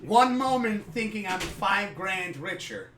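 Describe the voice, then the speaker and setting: A man hosting a live sports podcast, telling a story casually and animatedly, swearing freely and acting out scenes loudly. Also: high-pitched, sing-song, slow. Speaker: podcast host. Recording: echoey room, far from the mic.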